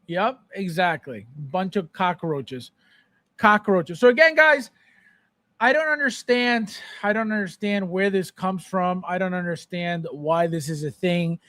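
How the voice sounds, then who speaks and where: A man with a high-pitched, slightly slow, somewhat bright voice and no echo. He's a podcast host running a live collector show, answering viewer chat with exasperated rants and repeating himself.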